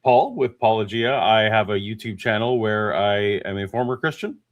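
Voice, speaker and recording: A man's voice: on the low side, normal speed, dull audio. Plain-spoken, self-deprecating man. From Canada. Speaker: YouTube channel host, guest. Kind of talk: casual chat.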